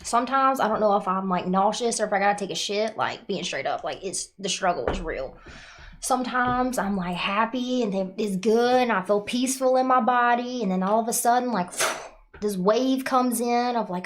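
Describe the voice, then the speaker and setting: A woman's voice: mid-range voice, lively intonation, moderate pace, a little hiss or hum. A woman hosting a casual livestream, rambling and swearing a lot, using "like" often, sounding nauseous and worn out. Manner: profane, rambling, confessional; frequent filler "like". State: nauseous and exhausted. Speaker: livestream host.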